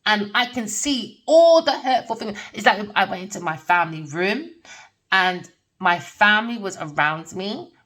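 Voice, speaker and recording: Giving a rambling spiritual tarot reading, a middle-aged woman is blunt, swears freely and laughs a lot. Her expressive mid-range voice is a bit bright and moves at normal speed, captured well away from the mic.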